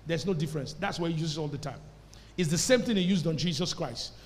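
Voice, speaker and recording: A man's voice: on the high side, brisk. A man preaching a sermon to a congregation, emphatic and calling for responses. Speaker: pastor. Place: church service before a congregation. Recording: echoey church hall.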